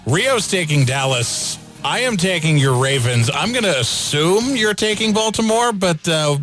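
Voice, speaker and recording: A man hosting a casual sports radio show, briskly running through game picks and questioning his co-hosts. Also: high-pitched, expressive, a bit bright, soft background music. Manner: brisk, moves the segment along with quick questions.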